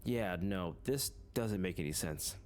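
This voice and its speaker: A man's voice: sits low, expressive, measured pace, slight background noise. A man reading game text aloud and reacting, in a jokey, dramatic way. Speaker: gaming YouTuber.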